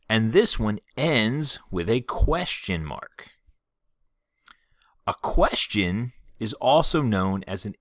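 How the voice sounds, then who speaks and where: 3rd grade teacher guy explaining sentence types, calm and patient, deep-ish voice, very dry close sound. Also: no echo. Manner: clear, patient explaining, reads example sentences slowly and expressively. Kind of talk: classroom lesson video.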